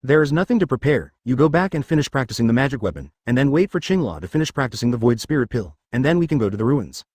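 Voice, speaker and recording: Calm, knowledgeable fantasy companion, read by a man, matter-of-fact explaining, quick pace, dry studio sound. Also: mid-range voice, slightly rough, dry recording.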